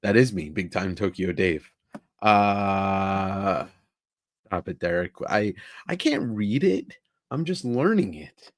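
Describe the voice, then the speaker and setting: A man's voice: deep voice, expressive, takes it slowly, dry recording. A middle-aged man hosting a casual live stream from a tiny room, rambling and joking as he greets viewers by name. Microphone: own travel microphone.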